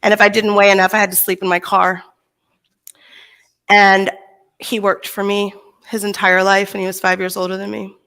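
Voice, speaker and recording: A woman's voice: medium pitch, moderate pace, pauses often, smooth. A middle-aged woman from Texas giving a motivational keynote speech on a conference stage, telling stories and acting out the voices of people in them. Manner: animated storyteller, acts out voices in quotes. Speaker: motivational speaker.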